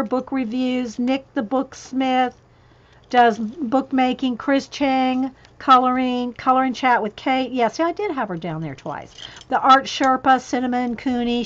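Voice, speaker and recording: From a ring-lit home craft room, a craft vlogger with a slightly high voice reads a list of channels over lo-fi audio. She talks casually and at length, breaking off for her cat, with her voice getting worn.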